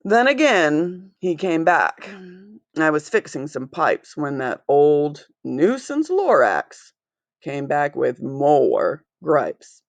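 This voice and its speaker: A woman reads a children's picture book aloud with an expressive, rhythmic lilt. She takes her time, and her voice has a gravelly edge. The recording is dry and close. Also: deep voice, takes it slowly, dry recording. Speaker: storybook reader.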